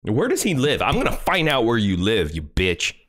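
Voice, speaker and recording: A man's voice: mid-range voice, wildly swooping pitch, normal speed, fairly bright tone. Angry, profane male streamer. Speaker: live streamer reacting to a video. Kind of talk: profane reaction rant.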